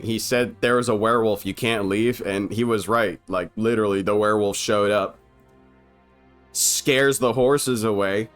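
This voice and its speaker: A man's voice: lowish voice, a bit bright. Young guy cracking jokes over an old movie, swears a lot, keeps laughing. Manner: irreverent, profane, laughing often. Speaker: film commentator. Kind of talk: casual comedic riffing over a film.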